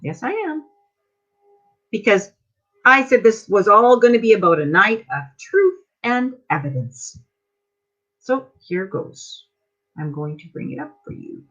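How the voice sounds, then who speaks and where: A woman's voice: mid-range voice, lively intonation, measured pace, pauses often, a bit bright. A woman from Canada speaking to a group meeting, angry and accusing, firing off rhetorical questions. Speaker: member addressing a group meeting. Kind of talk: heated speech to a meeting. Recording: dull lo-fi audio.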